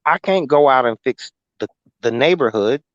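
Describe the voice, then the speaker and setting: A man's voice: mid-range voice, expressive, normal speed, dry recording. A man chatting casually as co-host, emphatic and full of slang. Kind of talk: casual live-stream chat. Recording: dull dry call line.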